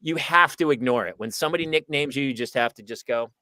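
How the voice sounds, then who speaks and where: A man's voice: mid-range voice, quick pace, dry recording, studio quality. A middle-aged American man, a podcast co-host, chatting casually and acting out the voices of people in his stories. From United States. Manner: animated storyteller acting out quoted voices. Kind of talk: casual chat.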